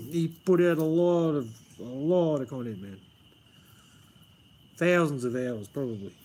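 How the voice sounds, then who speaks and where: A man's voice: on the high side, animated, slow pace, warm tone, slightly rough. An Australian man hosting a live stream, rambling casually, swearing and saying "man" a lot, outdoors under a pergola. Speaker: livestream host.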